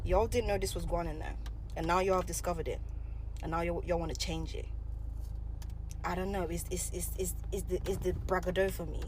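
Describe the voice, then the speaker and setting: A woman's voice: lowish voice, steady tone, fairly quick, background noise. A woman ranting in a reaction video, sassy, scolding and sarcastic.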